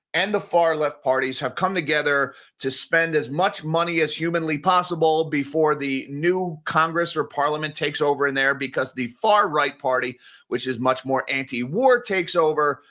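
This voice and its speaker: A man talks through market news in a loose solo commentary, his fairly high, bright voice full of sarcasm. He rambles and breaks into animated asides. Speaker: finance commentator.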